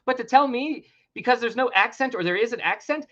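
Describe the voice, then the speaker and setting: A man's voice: very high voice, animated, brisk, hardly any pauses, fairly bright tone, lo-fi sound. A man hosting a podcast, ranting emphatically and swearing freely. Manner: heated, emphatic, swears freely, laughs in disbelief. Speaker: podcast host. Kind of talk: opinionated podcast rant.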